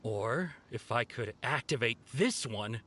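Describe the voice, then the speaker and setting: An actor playing a boastful, sneaky young male thief in a video game, speaking in a husky, whiny way. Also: mid-range voice, expressive, unhurried, a bit bright. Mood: sulky.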